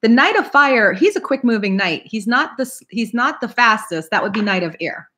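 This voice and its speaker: A woman's voice: on the high side, expressive, moderate pace, fairly bright tone. A woman hosting a live tarot reading, chatting casually and laughing often while she greets viewers by name.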